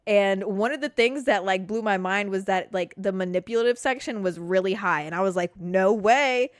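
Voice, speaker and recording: A woman's voice: brisk, no room sound, clean studio sound. Candid, laughing young woman podcaster. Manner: candid, swears freely, laughs often; animated, jumps to high pitch when reacting. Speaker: podcast host. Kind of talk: casual solo podcast chat.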